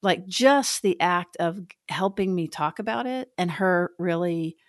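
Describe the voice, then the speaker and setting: A woman therapist co-hosting a podcast, giving frank, animated advice in a casual conversational way. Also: lowish voice, a little slow, dry recording, studio quality. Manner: frank, animated, self-deprecating.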